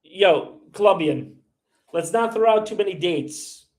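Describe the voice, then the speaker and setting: A man's voice: high-pitched, lively intonation, a little slow. A man hosting a livestream, answering viewer comments in a blunt, heated, ranting way. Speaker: livestream host. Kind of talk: live stream chat answering viewers.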